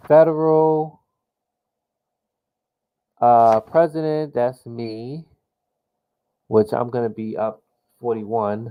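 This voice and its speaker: A man's voice: mid-range voice, muffled recording. A man giving casual live commentary while playing a political simulation game, thinking aloud with lots of fillers and restarts, and dropping slang like "yo". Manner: slang-heavy, exclaims "yo" often. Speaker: gamer playing a political sim.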